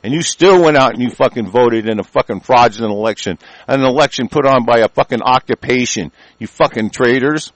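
A man's voice: mid-range voice, a little fast, dry recording, poor audio. A man delivering a profane, rambling, emphatic political rant.

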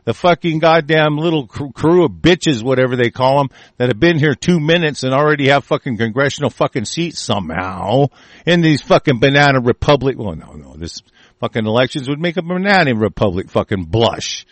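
A man's voice: mid-range voice, animated, fairly quick, no room sound. A man from the United States in an angry, profane political rant, full of threats. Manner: furious, profane, shouting threats.

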